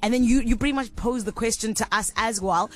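Lively radio host woman. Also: on the high side, a little fast. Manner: lively, animated, calls out to listeners. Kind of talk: radio show banter.

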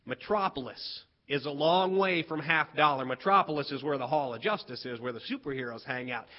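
A man's voice: medium pitch, fairly quick, dull audio, pitched below the performer's own voice, lightly acted. A man voicing an earnest schoolboy who lays out wild theories step by step. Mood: earnest explaining. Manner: insistent, explaining step by step.

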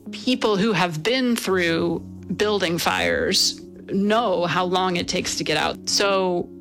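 Lowish-voiced woman explaining animatedly. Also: slow, soft background music. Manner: animated, storytelling with fillers and laughs. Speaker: author and interview guest. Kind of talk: explanatory interview answers.

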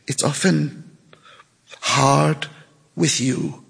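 A man reading the lines of a hurt, reproachful woman caller in a quiet, pressed, husky voice. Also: a little high, drawn-out words, heavily acted. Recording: long reverb.

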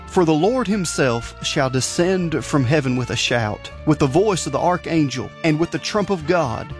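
A man reading a scripted announcement for a religious radio program, earnest and measured, slowing down for phone numbers. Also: mid-range voice. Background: guitar music.

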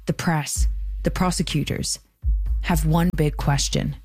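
A woman hosting a podcast, reading scripted documentary narration in a measured, even way. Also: low voice, faint music behind.

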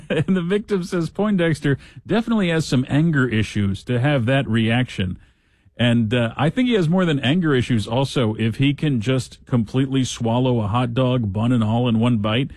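A man's voice: medium pitch, moderate pace, a little mellow, dry recording, clean studio sound. A man hosting a talk show, giving casual news commentary with sarcastic, joking asides.

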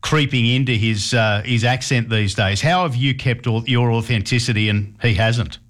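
A man's voice: medium pitch, steady tone, fairly bright tone. Radio host guy, friendly, lots of uhs, asking about tickets. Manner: friendly, halting with many uhs. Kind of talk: radio interview.

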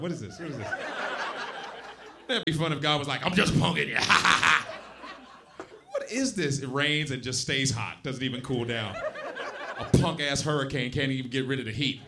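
A man's voice: mid-range voice, noisy background. A man doing a stand-up rant, exasperated and often giggling at his own jokes. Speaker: stand-up comedian. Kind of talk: stand-up routine.

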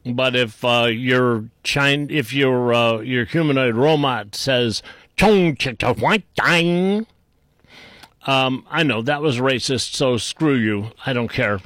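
A man's voice: medium pitch, unhurried, few pauses, fairly bright tone, no echo, clean studio sound. A man hosting a talk radio show, rambling and irreverent, with many fillers and restarts. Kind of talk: casual talk radio monologue.

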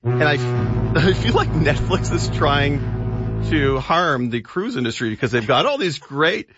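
A man's voice: a little high, over music. Chatty male film reviewer. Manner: relaxed, halting, chatty, with fillers. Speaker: film reviewer on a radio show. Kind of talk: casual radio chat. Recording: dull, dry studio radio sound.

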